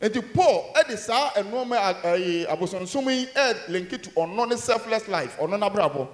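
A Ghanaian man preaching in a church, his fairly high voice ringing in a roomy hall. He preaches emphatically, rising loud on key points and dropping to low murmurs. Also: animated, normal speed. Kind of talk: sermon mixing Twi and English.

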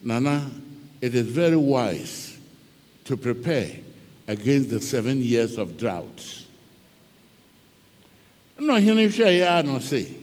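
A man's voice: medium pitch, big pitch swings, slow, long pauses, a little mellow, in a large hall. A male preacher, telling a story in a sermon and mixing English with Twi. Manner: dramatic storytelling, switching between English and Twi.

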